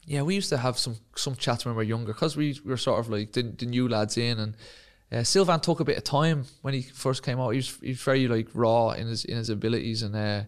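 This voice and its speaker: An Irish man in his thirties, a guest telling casual stories with halting repeats and frequent laughs. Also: medium pitch. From Ireland. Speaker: guest footballer. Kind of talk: casual storytelling.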